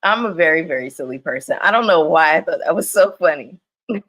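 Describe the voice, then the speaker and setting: A young woman giving casual, animated livestream commentary on a reality show, laughing often. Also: low-pitched, a little fast. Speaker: reality TV recap streamer.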